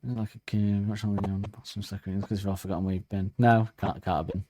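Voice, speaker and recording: Low-voiced man rambling in casual chat. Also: flat delivery, quick pace, noisy background. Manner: rambling, hesitant, many ums and restarts. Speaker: podcast co-host.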